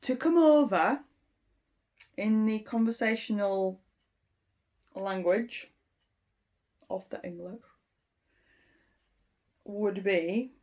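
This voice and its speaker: A woman giving an informal language lesson, explaining step by step in an unhurried way with frequent ums. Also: mid-range voice, a little mellow. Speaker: English teacher.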